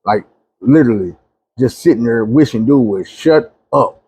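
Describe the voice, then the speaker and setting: A man telling a long dream story, animated, dropping low and quiet when he pleads. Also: normal speed, breathy edge, no echo, poor audio. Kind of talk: recounting a dream testimony.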